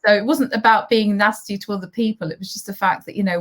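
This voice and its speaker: A woman's voice: mid-range voice, quick pace, few pauses, a bit bright. A woman hosting a casual interview, reading out viewer comments and laughing often. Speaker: host.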